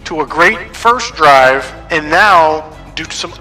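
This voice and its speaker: A man's voice: on the high side, animated, slow pace, pushed and bright, faint music behind. A man streaming live play-by-play commentary, mixing broadcaster-style calls with casual asides to his chat.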